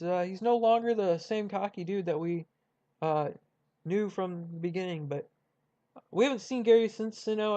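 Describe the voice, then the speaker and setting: This casual commentary comes from a YouTuber ranking cartoon rivals, a young man whose voice is high-pitched with a darkish tone. The sound is lo-fi, and he wanders through his ranked list with many fillers and false starts.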